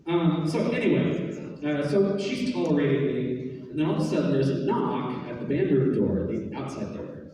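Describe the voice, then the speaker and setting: A man, a band teacher, telling a story to his students in an animated way and acting out the voices he quotes. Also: a little high, moderate pace, slight background noise. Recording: echoey hall from far off.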